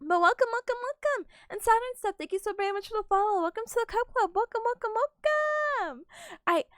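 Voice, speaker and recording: Giggly high-voiced young woman streamer. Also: lively intonation, brisk, no room sound, clean studio sound. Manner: bubbly, giggly, greets chat warmly. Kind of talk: casual stream chat.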